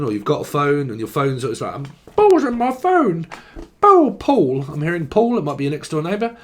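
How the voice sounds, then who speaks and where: A man giving a casual tarot reading, rambling and joking as he goes. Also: mid-range voice. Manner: playful, rambling, jokey. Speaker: tarot reader.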